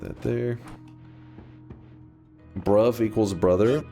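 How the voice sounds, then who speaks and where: Low-voiced man streaming a game. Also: takes it slowly, long pauses, a little mellow, faint music behind. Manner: rambling, thinks aloud and answers chat. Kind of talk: casual gameplay commentary.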